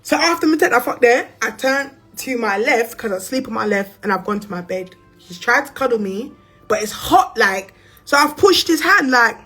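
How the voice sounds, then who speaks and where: A young Englishwoman with a London accent tells a story on a livestream, her voice a little high and her pace normal, with faint music in the background. She's an influencer who talks bluntly, swears freely and uses plenty of slang, staying animated and breaking into bursts of laughter.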